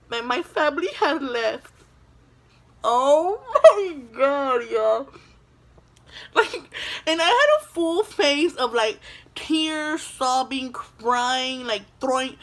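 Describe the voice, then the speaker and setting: A woman's voice: high-pitched, fairly bright tone. A young woman vlogger telling a storytime tale in a chatty, dramatic way, filling her talk with "like", recorded on a phone camera at home. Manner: dramatic, chatty, says "like" constantly. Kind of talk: storytime vlog.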